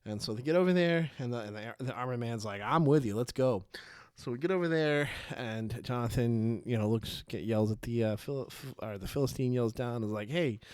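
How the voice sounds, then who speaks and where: A man's voice: medium pitch, fairly quick, few pauses, darkish tone, smooth, dry recording, studio quality. A man hosting a faith podcast, telling a Bible story in a loose, rambling way with lots of fillers and restarts, acting out the characters' lines as he goes. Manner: rambling, many fillers and restarts, laughs at his own tangents. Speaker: podcast host. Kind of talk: casual faith podcast talk.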